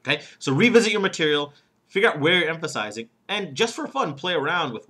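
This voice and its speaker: A man's voice: fairly high pitch, animated, fast, sharp tone. A man, a professional speaker and humorist, giving an instructional talk on delivery, leaning hard on key words and checking in with the listener. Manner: emphatic, stresses single words to demonstrate; conversational, checks in with "okay?".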